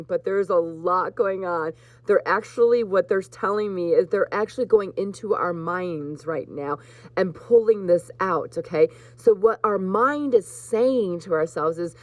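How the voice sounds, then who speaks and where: A woman hosting a live spiritual card reading, talking gently to her viewers and getting emotional at times. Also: medium pitch, unhurried, dry recording. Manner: warm, emotional, choked up with laughter at times. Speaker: host.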